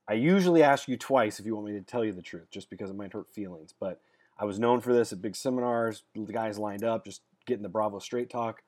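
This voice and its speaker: Male dating coach, casual to-camera talk, lowish voice, blunt and rambling, restarts his sentences. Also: brisk, darkish tone. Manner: rambling storyteller, repeats words as he restarts; blunt, straight-talking.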